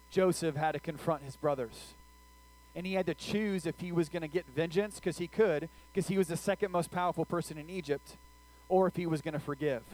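A man's voice: on the high side, rough recording. A middle-aged man preaching a conversational sermon, asking his listeners questions as he retells a scripture story. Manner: conversational, asks the audience questions.

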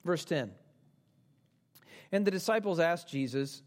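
Pastor, male, slightly high voice; earnest sermon delivery, big emphatic swells and hushed drops, chatty asides. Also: animated, normal speed. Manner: earnest preaching, rising to emphatic then dropping soft and low; conversational asides and rhetorical questions.

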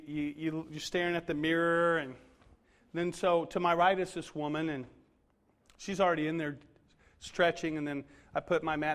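High-voiced man telling a funny story. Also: fairly bright tone. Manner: self-deprecating, conversational storytelling with many fillers. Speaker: pastor. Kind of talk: humorous sermon story.

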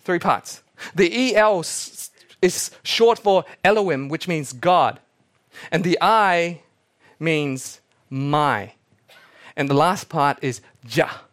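Male pastor, slightly high voice, dramatic sermon delivery with hushed repetitions. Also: lively intonation, slow. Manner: dramatic, drops to near-whispers for emphasis, repeats key words.

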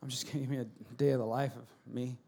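A pastor giving a sermon in a church, swinging between loud shouted storytelling and quiet, earnest asides. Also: male voice, mid-range voice, flat delivery, quick pace, creaky, breathy edge.

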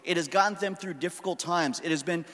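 High-voiced pastor preaching in a reverberant hall. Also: male voice, fast talker. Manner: conversational storytelling, warm and earnest. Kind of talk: sermon.

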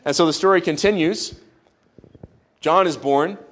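Male preacher, slightly high voice; conversational, storytelling sermon. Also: a little slow, a bit bright. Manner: conversational storytelling with playful asides.

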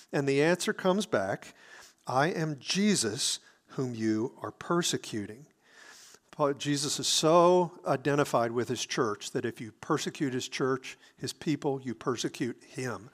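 A man preaching a sermon, explaining scripture earnestly, often restarting his phrases. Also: medium pitch.

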